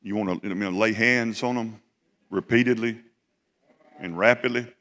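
A middle-aged man preaching, telling a personal story in a folksy, halting way with many restarts. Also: on the low side, steady tone, sharp tone. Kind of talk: sermon storytelling.

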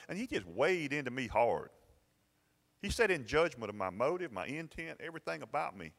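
A man's voice: medium pitch, very animated, a little fast, a bit bright. A middle-aged man with a Southern American accent telling a personal story in a sermon, folksy, stumbling over repeated words and chuckling often. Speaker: pastor. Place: church sanctuary. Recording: long reverb of a hall.

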